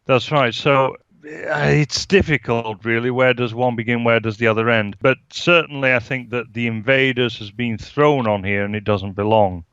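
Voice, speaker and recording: A man with a Yorkshire accent, co-hosting a casual film review chat in a measured, musing way. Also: mid-range voice, a bit bright, clean tone, dry recording. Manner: measured, musing, drawn-out phrasing. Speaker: podcast co-host, film reviewer. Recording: slightly dull lo-fi sound.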